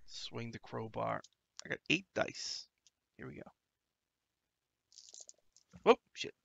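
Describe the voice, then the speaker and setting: A man's voice: mid-range voice, lively intonation, takes it slowly, gravelly, a bit bright, no echo. A man running a tabletop game as game master over an online voice call, talking casually with many fillers.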